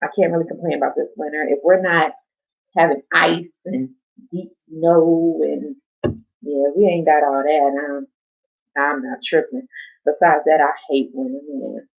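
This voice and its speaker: A woman's voice: low voice, steady tone, unhurried, creaky. A woman hosting a casual live stream from home, rambling, chatting to viewers and swearing casually. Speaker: livestream host. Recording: dull lo-fi stream audio.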